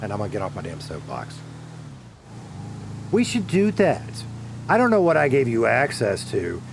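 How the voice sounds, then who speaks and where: A man's voice: fairly low pitch, wildly swooping pitch, fast, creaky, noisy background. Rambling swearing male streamer. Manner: rambling, self-correcting, swears casually. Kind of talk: casual chat while gaming.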